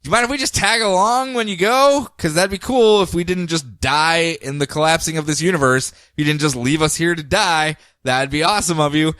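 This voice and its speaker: A man's voice: a little high, brisk, hardly any pauses, a bit bright, smooth, dry recording, lightly acted. A man voicing pleading giant survivors of a dying city who speak in a casual, pleading way.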